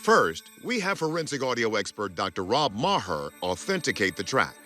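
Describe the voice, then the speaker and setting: A man's voice: medium pitch, moderate pace. A man narrating a documentary as host, in a scripted, dramatic delivery. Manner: dramatic, lively intonation. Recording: voice-over with music.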